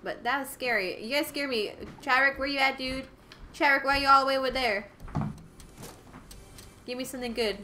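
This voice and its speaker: A woman's voice: high-pitched, moderate pace, long pauses, bright, forceful tone, slight background noise. Chatty woman hosting a game stream. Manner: chatty, upbeat, greets viewers by name. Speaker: livestream host. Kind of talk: casual gaming livestream chat. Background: game music.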